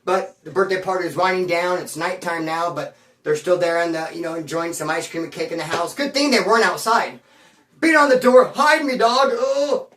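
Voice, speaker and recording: A man telling a story from his past in casual, slangy street talk, rambling and animated and calling the listener homeboy. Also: on the high side, a little fast. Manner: rambling and animated, with sound effects. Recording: roomy sound from a distance.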